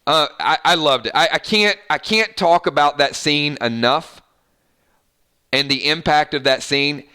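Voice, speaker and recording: A man hosting an online show, giving casual commentary on a TV episode with animated delivery and frequent stammered restarts. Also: on the high side, unhurried, clean tone. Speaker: YouTube show host.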